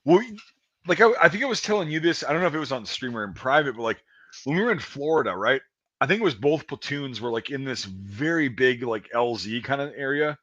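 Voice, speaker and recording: A man in his thirties casually telling profane army stories in an animated way, often breaking into shouted impressions. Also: mid-range voice, brisk, dry recording, dull audio. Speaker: podcast host and army veteran. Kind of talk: casual storytelling chat.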